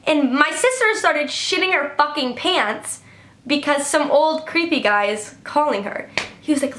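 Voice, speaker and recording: A woman's voice: sits high, lively intonation, unhurried, a bit bright, roomy sound, a little hiss or hum. A young woman from Illinois telling casual storytime tales, full of "like" and swearing. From Illinois, USA. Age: young adult. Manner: chatty, swears a lot, heavy filler "like". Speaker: vlogger.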